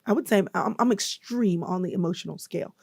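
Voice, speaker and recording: A woman's voice: fairly low pitch, quick pace, creaky, darkish tone, husky, no room sound, studio quality. A woman in her fifties hosting a podcast, talking conversationally and emphatically to her listeners in a casual motivational style. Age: 50s. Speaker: podcast host.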